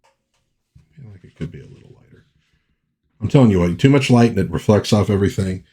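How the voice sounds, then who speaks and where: A man's voice: lowish voice, lively intonation, fairly quick, warm tone, husky. A man chatting casually through a comic book review, rambling and correcting himself as he goes.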